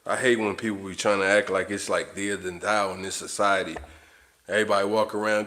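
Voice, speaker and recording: A man's voice: on the low side, flat delivery, a little fast, fairly bright tone. Blunt, profane man ranting on a livestream. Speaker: livestream host. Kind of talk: unscripted livestream monologue.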